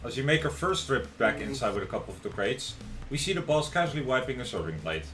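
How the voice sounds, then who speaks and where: Animated, bright-voiced man narrating a role-play. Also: mid-range voice, fast talker, soft background music. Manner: joking, animated storyteller. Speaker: host and narrator. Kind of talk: narrating a role-play game on a live stream.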